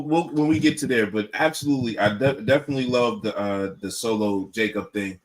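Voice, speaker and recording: A man co-hosting a wrestling podcast, talking in a blunt, profane, casual way and often repeating himself. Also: mid-range voice. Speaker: podcast co-host.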